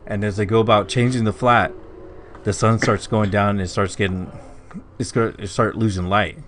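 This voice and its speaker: A podcast co-host tells a spooky story in a casual, rambling way, his speech packed with "like" and "you know." His voice is fairly low and slightly bright, with a steady tone at a normal speed. A little hiss or hum sits under the recording.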